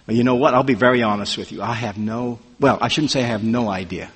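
A man preaching an expository sermon, emphatic and animated, his voice rising sharply on questions. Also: fairly low pitch, a little fast, few pauses, slightly rough. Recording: reverberant hall.

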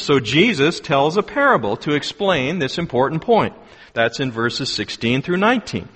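Male preacher, slightly high voice, drawn-out dramatic sermon delivery in a reverberant hall. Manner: slow, lively delivery with dramatic pauses.

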